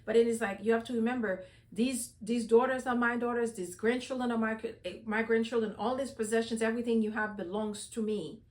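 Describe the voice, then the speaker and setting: A woman's voice: fairly high pitch, fairly even intonation, fairly quick, few pauses, darkish tone, natural voice. A woman voicing an older man who grudgingly concedes and reasons his way to a truce.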